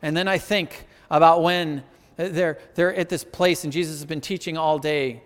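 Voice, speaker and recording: A man preaching a sermon, animated and conversational, often asking "right?" and building to emphatic peaks. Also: on the high side, normal speed, long reverb tail. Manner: conversational, asks the audience "right?".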